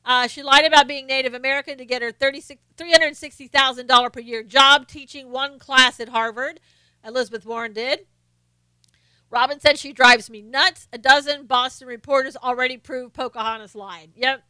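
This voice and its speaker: Woman, faint Southern accent, high bright voice, chatty live-stream host, reads comments aloud, laughs often, dry close sound. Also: steady tone, clean tone, no room sound. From North Carolina, US. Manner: chatty, laughs often, slows down to mimic quotes. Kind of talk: casual chat reading viewer comments.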